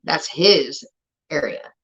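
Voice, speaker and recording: A woman's voice: sits low, slow, husky. Profane woman ranting, lo-fi sound. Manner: profane, rambling, animated when retelling. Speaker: show host. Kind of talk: casual storytelling rant. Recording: dull lo-fi stream audio.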